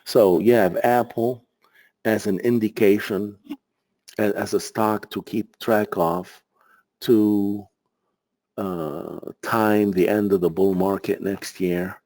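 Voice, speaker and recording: A man's voice: fairly low pitch, fairly even intonation, slow pace, warm tone. A man hosting a live market webinar, searching for words as he goes through charts and answers viewer questions, sounding tired and out of breath. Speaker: market analyst host.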